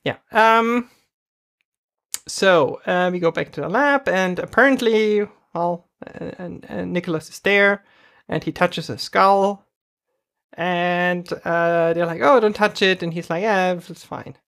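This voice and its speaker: Gravelly-voiced woman recapping casually. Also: fairly low pitch, slow, fairly bright tone. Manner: retells scenes quoting characters, frequent restarts and laughs. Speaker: podcast co-host recapping a TV episode. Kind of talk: casual chat.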